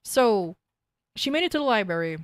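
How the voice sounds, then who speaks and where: A woman's voice: mid-range voice, very animated, normal speed. Rambling young woman telling a story. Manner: rambling, restarts, casual swearing. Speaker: streamer. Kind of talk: casual storytelling.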